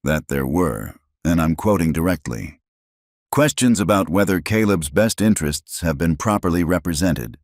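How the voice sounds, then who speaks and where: A middle-aged man narrates a first-person story slowly and deliberately, leaving dramatic pauses. His voice sits extremely low. The recording is close and dry. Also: lively intonation, no room sound.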